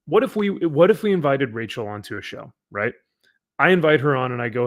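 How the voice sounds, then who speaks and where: A man's voice: a little high, very animated, moderate pace. A man hosting a casual talk show, chatting loosely with lots of fillers and frequent laughs. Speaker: podcast host. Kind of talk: casual chat.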